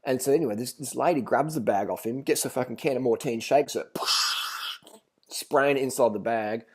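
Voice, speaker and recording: A man's voice: medium pitch, normal speed, a little mellow, breathy edge. Male vlogger, rambling storyteller, swears freely, blunt and casual.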